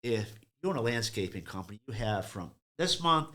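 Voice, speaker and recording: A man's voice: fairly low pitch, sing-song, fairly quick, pushed and bright. A middle-aged man who owns a truck repair shop, telling blunt and profane stories on a podcast and acting out calls with customers. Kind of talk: casual podcast storytelling.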